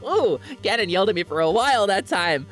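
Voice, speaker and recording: A woman's voice: medium pitch, sing-song, a little fast, soft background music. A young woman chatting playfully while streaming a game, giggling and slipping into goofy in-character bits. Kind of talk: casual chat while gaming.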